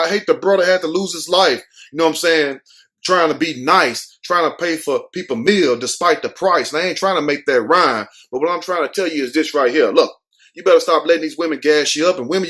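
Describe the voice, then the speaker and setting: Brash, mocking man riffing on the news. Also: a little high. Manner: loud, mocking, street slang, acts out quotes. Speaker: commentary show host. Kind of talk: comedic news commentary.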